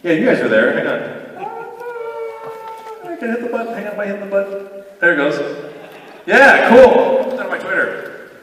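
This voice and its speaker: Filmed from the audience far from the stage in an echoey hall, this man, a voice actor guest at a convention Q&A, rambles casually and laughs frequently. His high, fairly bright voice is lively in intonation, moving at a moderate pace with long pauses.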